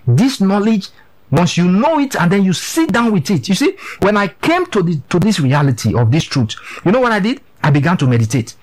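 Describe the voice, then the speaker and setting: A man's voice: fairly high pitch, a little mellow, low-quality recording. Guy preaching, voice jumps all over, keeps asking do you understand. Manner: emphatic, repetitive, often checks in with listeners. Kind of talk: sermon.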